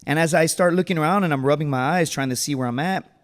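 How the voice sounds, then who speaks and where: A man in his thirties with a slightly high-pitched voice tells a personal story to a live audience, relaxed and slangy, often chuckling at himself. His voice carries the long ring of a reverberant hall. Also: quick pace. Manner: casual, joking, slangy, laughs at his own story.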